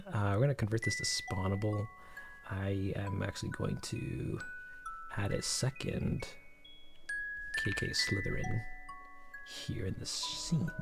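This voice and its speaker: A man casually telling a rambling story while he works through a game development project, with many restarts and excited bursts. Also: lowish voice. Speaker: game developer showing his work. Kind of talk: casual screen-recorded dev vlog with storytelling.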